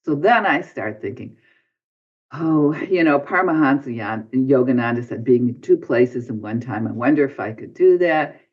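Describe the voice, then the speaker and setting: A man's voice: medium pitch, expressive, moderate pace. A man guest on a podcast, telling a personal story and acting out his own past lines with big swings of voice. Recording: dull lo-fi podcast audio.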